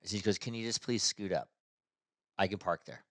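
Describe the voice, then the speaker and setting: A man's voice: low-pitched, moderate pace, fairly bright tone, no echo. Man telling a rambling story, dry sound. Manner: rambling anecdote, acting out what others said. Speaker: podcast co-host. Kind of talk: casual storytelling chat.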